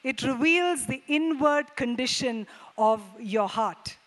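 High-voiced woman preaching a lively sermon. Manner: call-and-response preaching, questions to the congregation; dynamic, shifts between loud emphasis and low quick asides.

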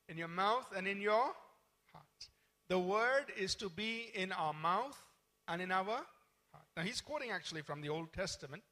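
A man preaching a Sunday sermon as pastor, explaining scripture and leading his congregation in a spoken declaration. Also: high-pitched. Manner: teaching calmly, then leading a loud congregational declaration.

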